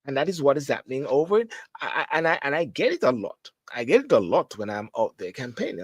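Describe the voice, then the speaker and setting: A man's voice: mid-range voice, big pitch swings, fast, slightly rough, no room sound. Rambling Jamaican man talking casually. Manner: rambling, repetitive, with many restarts. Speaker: host. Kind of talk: casual talk-show monologue. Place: London.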